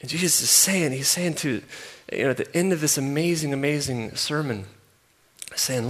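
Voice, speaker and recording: A man's voice: fairly high pitch, moderate pace. Emphatic preacher man in a big hall. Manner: emphatic, repeats phrases, swings from loud to soft. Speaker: pastor. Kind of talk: sermon. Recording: long hall reverb.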